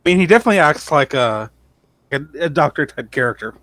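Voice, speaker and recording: A man's voice: a little high, lively intonation, fast talker, fairly bright tone, dry recording. A man co-hosting a podcast in casual chat, making dry, offhand asides with plenty of filler words. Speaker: podcast co-host.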